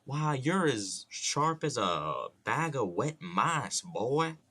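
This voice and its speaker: A man's voice: mid-range voice, very animated, slow pace, sharp tone, breathy edge, pitched above the performer's own voice, full character voice. A man doing a blustery southern cartoon rooster. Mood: teasing. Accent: Southern US, put on. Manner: drawling insults ending in "boy".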